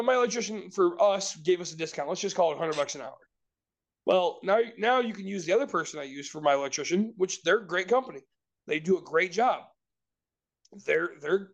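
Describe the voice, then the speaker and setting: A man in casual podcast chat, telling a long rambling story with restarts and casual swearing. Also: sits high.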